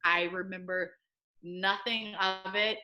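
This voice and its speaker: A young woman with a Midwestern accent, a podcast guest telling a lively story and acting out what people said. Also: slow, a little hiss or hum. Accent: American Midwest. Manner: animated storyteller, acts out quotes with high excited pitch. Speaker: guest, assistant soccer coach. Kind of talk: casual storytelling interview.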